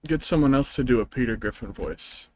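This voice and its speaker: A man's voice: medium pitch, fairly quick, a little mellow, low-quality recording. Rambling, joking male game streamer. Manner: rambling, joking, self-deprecating. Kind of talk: casual gameplay stream chat.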